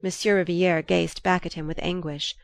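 Low-voiced woman narrating a novel. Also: fairly even intonation, moderate pace, vocal fry, no room sound. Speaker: audiobook narrator. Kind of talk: scripted narration.

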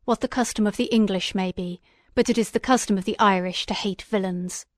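Gruff, rude townsman, read by a woman. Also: medium pitch, a little fast, no echo, clean studio sound, lightly acted. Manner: rough, curt, threatening. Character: gruff hostile Irish townsman, adult male.

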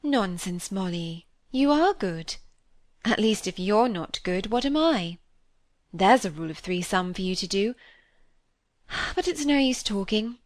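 A woman reading a classic novel aloud, voicing a restless, self-mocking young woman who talks in a lively, wry, confiding way. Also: medium pitch, a little slow, dry recording, lightly acted. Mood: candid.

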